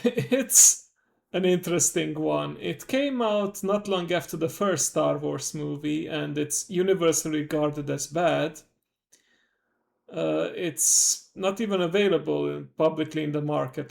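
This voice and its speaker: A man's voice: a little high, vocal fry, darkish tone. A male streamer hosting his own stream, chatting casually in a rambling way, full of fillers and self-corrections. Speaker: streamer host. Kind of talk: casual livestream chat.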